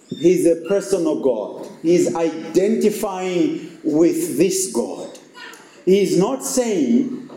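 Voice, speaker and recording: Male preacher, high and mellow, echoey room with faint ambience. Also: a little hiss or hum. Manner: emphatic, repetitive preaching with rhetorical questions. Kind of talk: sermon.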